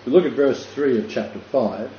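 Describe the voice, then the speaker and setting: A man's voice: medium pitch, brisk, warm tone. Man preaching in an echoey room. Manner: imaginative, rambling with restarts and chuckles. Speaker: Bible teacher. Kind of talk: sermon with vivid storytelling. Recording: dull echoey room with faint noise.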